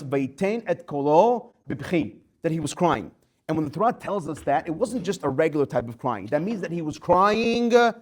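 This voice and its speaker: Animated male rabbi telling a story. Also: a little high. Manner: animated storytelling with acted quotes. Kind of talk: storytelling Torah class.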